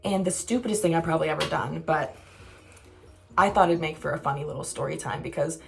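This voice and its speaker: A woman's voice: low-pitched, fast, vocal fry, soft background music. A young woman telling a casual storytime vlog, candid and self-mocking, swearing freely. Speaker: vlogger.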